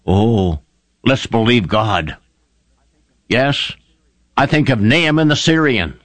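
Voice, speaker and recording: Fervent, animated male preacher. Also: medium pitch, takes it slowly, long pauses, no echo. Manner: fervent, emphatic storytelling with rising exclamations. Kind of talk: sermon.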